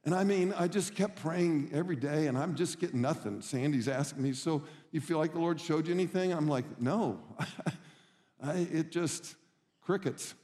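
Middle-aged male pastor, earnest storyteller, slightly high voice, long hall reverb. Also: normal speed, mellow. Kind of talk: sermon.

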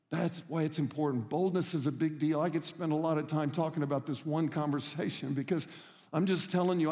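Earnest preaching pastor, fairly high voice. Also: male voice, warm tone, big-room sound. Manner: storytelling, earnest and emphatic. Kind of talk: sermon.

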